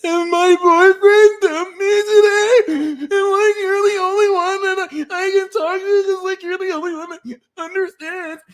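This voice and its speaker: A sobbing, high-pitched heartbroken friend. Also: male voice, steady tone, a little slow, fairly bright tone. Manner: crying, whiny falsetto. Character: weepy heartbroken young friend, melodramatic.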